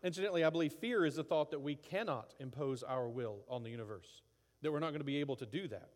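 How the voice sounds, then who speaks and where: Conversational preacher in a reverberant hall. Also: male voice, fairly high pitch, fast. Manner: conversational, acts out angry outbursts. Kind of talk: sermon.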